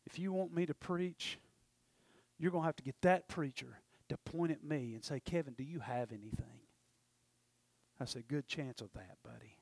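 Man, preacher, high voice, dry close sound, impassioned testimony. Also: moderate pace, no room sound. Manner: impassioned storytelling, swings from loud to hushed. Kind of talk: sermon testimony.

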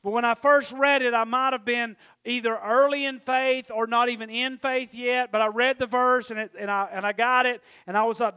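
Middle-aged pastor, folksy rambling sermon, high voice, dry close sound. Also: male voice, steady tone, a little fast, hardly any pauses, sharp tone, clear, resonant tone, dry recording. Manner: folksy, conversational, rambling with self-deprecating asides. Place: church.

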